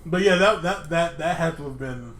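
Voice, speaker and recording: A man's voice: on the high side, normal speed, over a noisy crowd. A young man co-hosting a podcast, telling an embarrassing story in casual chat and laughing as he goes. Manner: laughs through his own stories. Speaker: podcast co-host. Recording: echoey room.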